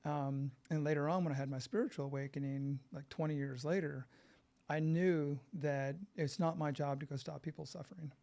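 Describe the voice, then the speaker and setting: A man's voice: on the high side, fairly even intonation, normal speed, dark tone. A middle-aged man from California, a podcast guest telling candid, blunt stories about his recovery. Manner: blunt, plain-spoken, frank about his past. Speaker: podcast guest, breathwork facilitator. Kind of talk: candid storytelling conversation.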